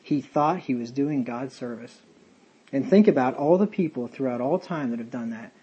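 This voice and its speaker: A man's voice: mid-range voice, moderate pace, mellow, lo-fi sound, slight background noise. A man leading a casual Bible study, talking in a rambling, conversational way with many fillers and tangents. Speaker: Bible teacher.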